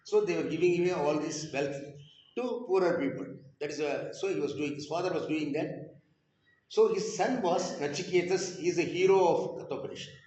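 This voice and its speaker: A man's voice: fairly high pitch, a little fast, warm tone. A Tamil-speaking man, a spiritual teacher telling a scripture story in a conversational, digressive way, with rhetorical questions and wry asides. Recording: roomy, dull lo-fi recording.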